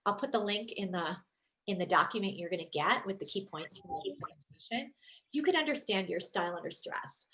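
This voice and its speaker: A brisk, medium-pitched woman in her thirties, a leadership coach, is presenting online over a video call. She comes across as lively and enthusiastic, chatting away with plenty of filler words.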